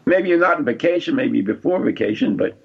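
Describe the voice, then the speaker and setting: Brief: husky, gravelly male co-host, rambling with fillers, muffled lo-fi recording. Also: a little high, expressive. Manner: rambling, halting with many fillers. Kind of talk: casual chat. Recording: dull lo-fi sound.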